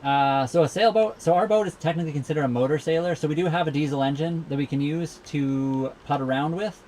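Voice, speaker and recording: A man's voice: fairly high pitch, quick pace, darkish tone, slight background noise. Easygoing Canadian man chatting live. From Saskatchewan, Canada. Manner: rambling, easygoing, many fillers. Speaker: livestream host. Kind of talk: casual live Q&A chat. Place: cabin of a sailboat docked at a marina.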